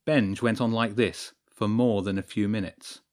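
A man narrating a story in a steady storytelling voice. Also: fairly low pitch, normal speed. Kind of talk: scripted narration.

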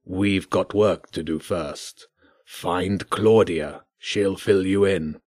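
A man doing a huge grey wolf with a deep, growling murmur. The wolf drags out every word slowly and keeps it hushed. The recording is dry and close. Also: fairly even intonation, no room sound. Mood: hushed urgent. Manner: slow, low and hushed. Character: huge grey male wolf, gruff and secretive.

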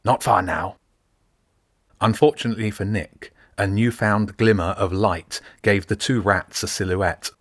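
A male narrator reads a fantasy audiobook in a measured, descriptive way. His voice sits fairly low, and the recording is close and dry. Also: little pitch movement, dry recording.

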